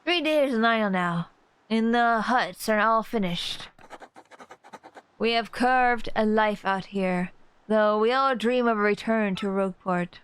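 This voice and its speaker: A woman's voice: on the high side, smooth, lightly acted. A woman doing a pompous castaway merchant. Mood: wistful. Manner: slow theatrical reading in a put-on accent. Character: pompous rich male merchant, grieving castaway.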